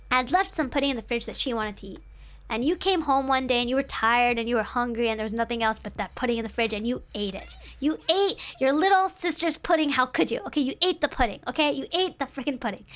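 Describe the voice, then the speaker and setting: A woman streamer explaining Japanese translation in a casual, playful, chatty way, full of fillers and tangents. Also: high voice. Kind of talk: casual streamed language lesson.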